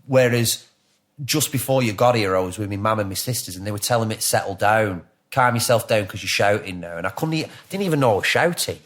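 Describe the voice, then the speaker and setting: A man's voice: on the low side, animated, fast, fairly bright tone. A man in his thirties with a Lancashire accent, a guest chatting in a podcast interview, rambling and swearing with many restarts. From England. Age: 30s.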